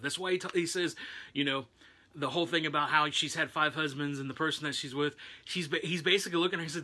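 Guy preaching casually, loose and chatty, bright voice. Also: a little high, brisk, long pauses. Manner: loose and conversational, with restarts. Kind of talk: casual sermon retelling a Bible story.

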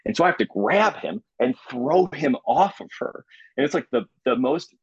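A young man from Illinois, a podcast guest, telling a story in animated, casual chat. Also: medium pitch, normal speed, slightly rough, no room sound. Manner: animated, acts out quoted voices. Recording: slightly muffled, dry recording.

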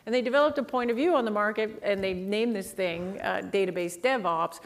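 A middle-aged woman from Canada gives an animated keynote about positioning. She talks at an ordinary pitch for a woman and slips into the voices of the people in her stories. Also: brisk, few pauses. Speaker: speaker on market positioning. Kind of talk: storytelling keynote talk.

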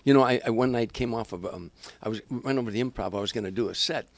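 Talking very fast at medium pitch with no room sound, an older guest comedian shares casual show-business stories. He animatedly performs the characters' voices and frequently starts his sentences over.

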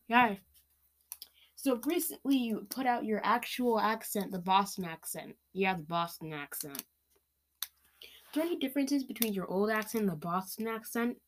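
A woman's voice: a little high, animated, measured pace, a little hiss or hum. A woman hosting a joke quiz show and playing the contestants herself, in a jokey manner. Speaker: host of a mock quiz show. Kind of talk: comedic sketch, one person playing all contestants.

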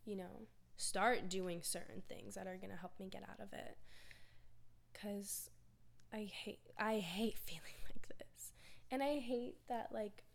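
A woman's voice: mid-range voice, unhurried, creaky. A young woman hosting a personal podcast, talking candidly in a rambling, filler-heavy way about her feelings. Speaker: podcast host. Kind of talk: casual personal monologue.

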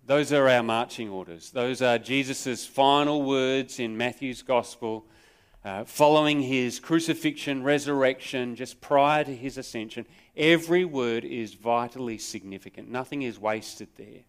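An Australian man preaching a live Sunday sermon, his voice smooth and resonant at an ordinary middle pitch. He talks to the congregation conversationally, poses rhetorical questions, and tells stories with a sense of drama. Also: unhurried. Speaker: pastor. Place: church service, recorded live.

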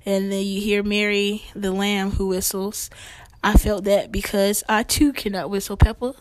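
A woman's voice: medium pitch, completely flat delivery, unhurried, no room sound. Chatty woman podcast host, dry mic. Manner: chatty and playful, with fillers. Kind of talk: hosting a talk show, light news and read disclaimer.

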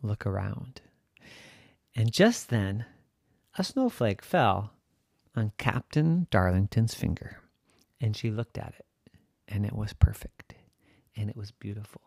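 A man telling a bedtime story in a soft, sing-song way. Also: fairly low pitch, expressive, measured pace, long pauses, dry recording, clean studio sound.

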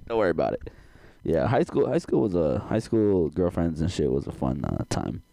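A young adult man co-hosting a podcast, telling crude stories in an animated way and laughing often. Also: sits low, moderate pace, creaky, dry recording. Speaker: podcast co-host. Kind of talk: casual chat.

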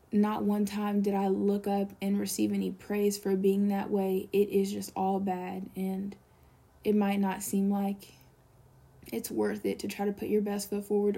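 A woman's voice: medium pitch, creaky, warm tone, slightly rough. A young woman speaking to camera in an earnest, pleading confessional monologue, with strong repeated emphasis and sometimes dropping to a whisper. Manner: drops to a whisper at times.

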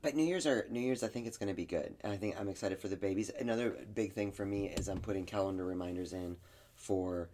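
A woman's voice: extremely low pitch, fast talker, mellow, a little hiss or hum. Candid, joking woman co-host. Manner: candid, joking, laughs often. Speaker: podcast co-host. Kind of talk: casual chat.

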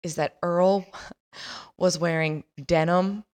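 A woman's voice: on the low side, fairly even intonation, slow, darkish tone. A woman in her thirties casually telling a personal story as a podcast host, chatty and laughing, acting out the voices of family members.

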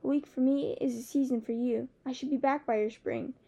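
A woman reads a proud young dragon prince in a storybook, wry and teasing with a haughty scoff to his words. The voice is mellow and soft-edged with a gravelly fry under it, pitched fairly high. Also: fairly even intonation, brisk. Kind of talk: audiobook character voice.

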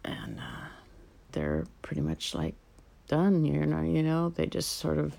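A middle-aged woman painter talking casually to herself as she sets up, rambling and halting with many fillers, sometimes dropping to a soft whisper. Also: sits low, very animated, creaky. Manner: drops to a soft whisper now and then. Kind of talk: casual spoken vlog while setting up to paint.

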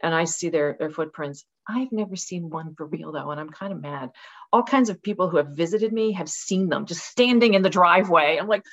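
Her pitch sits fairly low and her pace is fairly quick as this woman in her sixties guests on a podcast over video call. Speaking from a rural home with dogs, she recounts stories in a casual interview, animated and passionate, acting out quoted lines with flair. The sound is muffled.

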